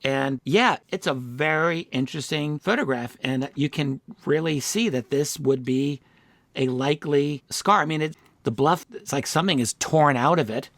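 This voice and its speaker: A man's voice: on the high side, normal speed, a bit bright, dry recording. A man hosting an interview, affirming his guests and summarizing what they say. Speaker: host.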